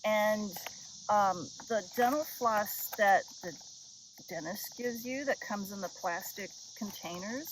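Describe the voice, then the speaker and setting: A woman's voice: mid-range voice, slow. Woman, casual outdoor vlog, rambling and self-deprecating, head-mounted camera, noisy background. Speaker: vlogger. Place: outdoors on a river island. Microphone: head-mounted action camera. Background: insects and nature sounds.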